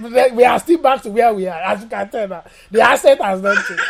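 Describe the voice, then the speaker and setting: A man's voice: extremely high pitch, brisk, creaky, few pauses, a crowd in the background. A man from Nigeria with a Nigerian accent, telling jokes and stories as a guest MC, laughing often. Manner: animated, joking, laughs often. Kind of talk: comic storytelling interview.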